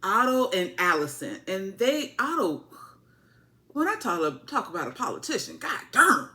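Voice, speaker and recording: Sassy animated woman reviewer. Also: mid-range voice, unhurried. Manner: sassy, animated, repetitive asides. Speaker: TV recap reviewer. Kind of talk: casual video review.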